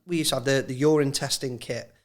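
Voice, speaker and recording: A man's voice: mid-range voice, steady tone, quick pace. Chatty English man telling physio stories. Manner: chatty, storytelling, laughs at own anecdotes. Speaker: football physio guest. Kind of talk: casual podcast chat.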